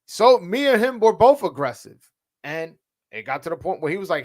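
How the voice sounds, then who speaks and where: A man with a somewhat high voice vents heatedly to his livestream chat. His talk is slangy, fast to anger, and full of stumbles and restarts as he defends his work as a journalist. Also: very animated. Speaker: boxing journalist and livestream host. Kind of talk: casual livestream rant.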